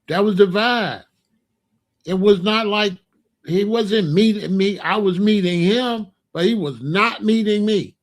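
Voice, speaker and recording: A man's voice: sits high, unhurried. A man telling a street story in a repetitive, emphatic monologue. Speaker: podcast host.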